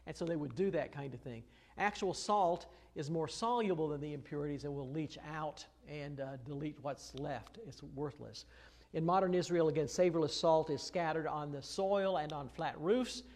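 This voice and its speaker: A man's voice: a little high, moderate pace, darkish tone. A man preaching an expository sermon in a conversational way, with many fillers and restarts, pressing hard on key phrases. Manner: rises to emphatic stress on key phrases. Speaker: pastor.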